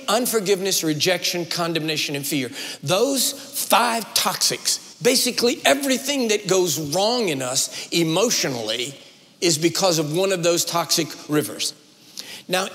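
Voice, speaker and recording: A man preaching a sermon in a large church, building emphatic runs and slowing down for weight. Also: sits high, a bit bright. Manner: dramatic preaching with rising emphatic runs and slowed pauses. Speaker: guest preacher. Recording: long reverb of a large hall.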